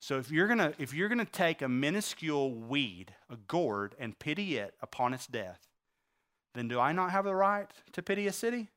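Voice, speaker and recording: A man preaching a sermon, acting out the quotes he reads and swinging between loud outbursts and hushed lines. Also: on the high side, big pitch swings, moderate pace.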